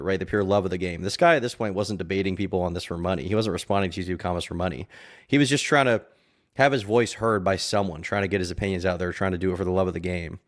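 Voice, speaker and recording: A man giving rambling, casual commentary on a live stream as he reacts to a video, with crude asides and shout-outs to viewers. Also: low-pitched.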